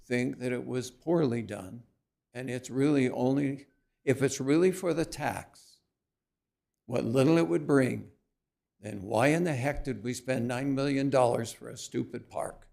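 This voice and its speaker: Gravelly older resident, slow and deliberate, speaking bluntly against a council decision. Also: male voice, medium pitch, darkish tone. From Virginia. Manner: blunt, indignant. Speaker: resident speaking at public comment. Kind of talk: public comment at a council meeting.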